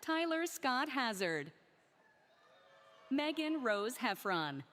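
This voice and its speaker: A woman reading out graduates' names one by one at a commencement ceremony, careful and deliberate. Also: sits high, big pitch swings, fairly bright tone. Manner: slow, careful name reading. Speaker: commencement name reader. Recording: crowd and noise of a large ceremony.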